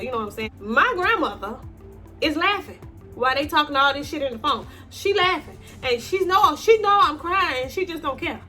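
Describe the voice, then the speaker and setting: A woman's voice: high-pitched, brisk, faint music behind. A young adult woman speaking African American Vernacular English tells a casual, swear-heavy story to her viewers, calling them y'all. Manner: animated, slangy, swearing, addresses viewers as y'all. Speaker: vlogger.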